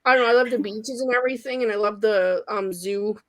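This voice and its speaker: A woman's voice: medium pitch, fairly quick, no echo. A woman from British Columbia with a Canadian accent, chatting casually and rambling on. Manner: rambling, chatty, self-deprecating. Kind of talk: casual chat.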